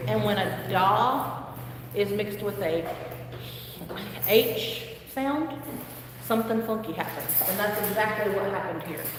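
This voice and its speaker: A woman teaches a live language class at an unhurried pace, saying each word slowly and repeating it for drilling. She sounds far from the mic in a roomy, echoing space with a steady hiss of background noise. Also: mid-range voice. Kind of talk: live online language lesson. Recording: echoey distant room with noise.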